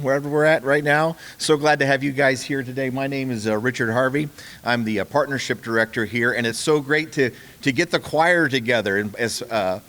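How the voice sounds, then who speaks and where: A man's voice: medium pitch, fairly bright tone. A man, a ministry's partnership director, giving a folksy, storytelling speech at a charity event, with many restarts.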